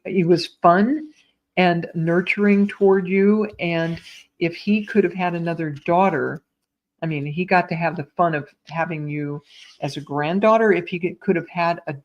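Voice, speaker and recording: A woman psychic medium gives live readings over a stream, speaking in a soft and reassuring way to each viewer. Her voice sits a little low for a woman. The audio is a bit muffled, as from a computer mic on a live stream. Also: normal speed. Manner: gentle, reassuring, addresses viewers as sweetheart and my dear.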